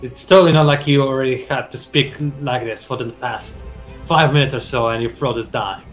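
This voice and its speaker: A man's voice: medium pitch, fairly quick, soft background music. A man hosting a strategy game session, talking casually and playfully while explaining the game as he plays. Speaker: host and player. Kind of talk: casual gameplay commentary.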